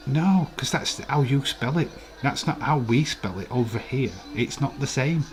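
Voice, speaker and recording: Faint music plays behind a mid-range male voice speaking at a measured pace. He's a live stream host from West Yorkshire, England, with a Yorkshire accent, chatting playfully and argumentatively with viewers during a casual watch-along.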